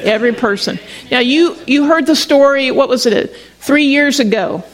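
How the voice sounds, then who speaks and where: Middle-aged woman preacher, higher pitched, talking through a personal story in a loose, stop-start sermon style. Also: moderate pace, low-quality recording. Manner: conversational storytelling with frequent restarts. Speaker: pastor.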